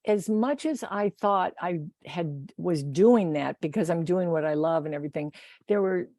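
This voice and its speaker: A woman with a soft, mellow voice talks through her experiences as a podcast guest, recorded dry with no room echo. She meanders, trims her own sentences mid-thought and breaks into frequent laughter. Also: fairly low pitch, moderate pace. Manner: rambling, self-correcting, laughs often. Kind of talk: casual conversational interview.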